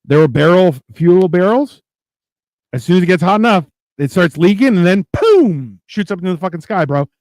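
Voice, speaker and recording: A man's voice: sits high, lively intonation, normal speed, a little mellow, dry recording. A man co-hosting a live stream, telling stories in a casual, profane, laughing way. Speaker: co-host. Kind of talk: casual storytelling chat.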